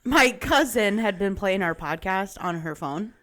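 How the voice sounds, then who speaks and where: A woman's voice: medium pitch, lively intonation, a little slow, a bit bright. A woman in her thirties co-hosting a podcast, chatting casually with many fillers and frequent laughter. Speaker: podcast co-host. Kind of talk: casual chat.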